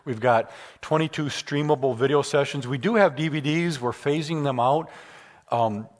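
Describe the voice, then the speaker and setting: A man's voice: fairly high pitch, normal speed. A man giving a public lecture with Q and A, conversational and emphatic, moving into stories. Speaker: guest speaker.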